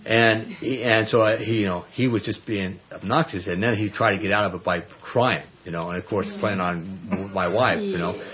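Animated male preacher on a dull recording. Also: fairly low pitch, moderate pace, hardly any pauses. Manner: animated storytelling, acts out quoted voices, frequent stammered restarts. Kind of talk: sermon with personal stories.

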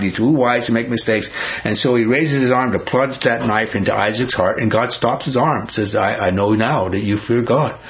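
A man's voice: medium pitch, dull audio. A man teaching a Bible study in a folksy, emphatic way, often asking the group questions.

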